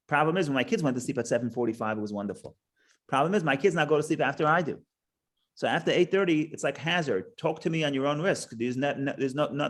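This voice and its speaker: A middle-aged man teaching a Torah class in a casual, conversational way, restarting phrases and telling a joke. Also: fairly high pitch. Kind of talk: casual lecture with stories and a joke.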